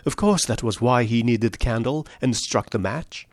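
A man reading a story aloud, voicing an excitable older colonel who speaks in loud exclamations. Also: mid-range voice, normal speed, no room sound, close to an everyday voice. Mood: astonished. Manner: exclamatory and astonished. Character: excitable older male colonel, horse owner.

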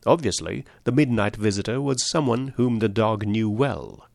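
A man reading a story aloud, voicing a shrewd male detective who lays out his deductions in a measured, precise way. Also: fairly low pitch, lively intonation, vocal fry, a little mellow, no room sound, studio quality. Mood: explaining.

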